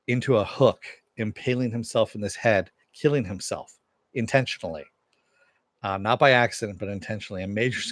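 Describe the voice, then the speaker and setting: A man's voice: lowish voice, no echo, clean studio sound. A man giving a casual spoken recap and review of a TV episode, in a loose, conversational way, with frequent filler phrases and offhand swearing.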